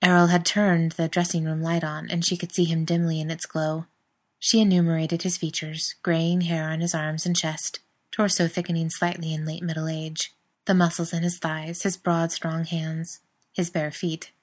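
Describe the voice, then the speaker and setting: A woman narrating a story aloud in a calm, even reading voice. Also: low-pitched, moderate pace. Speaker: reader.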